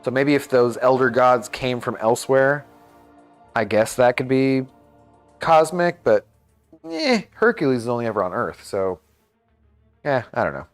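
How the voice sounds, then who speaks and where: A man's voice: medium pitch, very animated, a little slow, pauses often, soft background music. A man streaming a game live, chatting casually and thinking aloud with lots of fillers.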